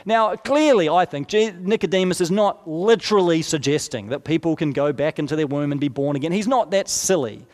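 A man's voice: fairly high pitch, fairly quick, hardly any pauses, darkish tone. A man preaching a sermon in a conversational, explanatory way, with asides and rhetorical questions. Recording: long hall reverb.

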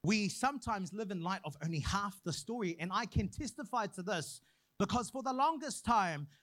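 A young man preaching a sermon, praying and then telling a personal story in an animated way. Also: high-pitched, no room sound. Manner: animated storyteller, acts out quoted voices.

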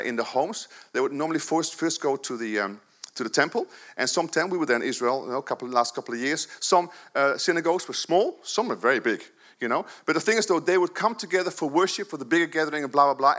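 With a medium-pitched voice, a man in his fifties leads a church service as pastor, his sermon jokey and spirited. He shifts back and forth between loud outbursts and gentle asides.

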